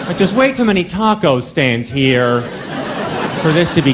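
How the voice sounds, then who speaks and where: A man's voice: on the high side, very animated, moderate pace, a loud crowd. A young man from Canada, doing a stand-up set on a club stage with a dry, offhand delivery and many asides. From Ottawa, Canada. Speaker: stand-up comedian. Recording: live club, audience and noise.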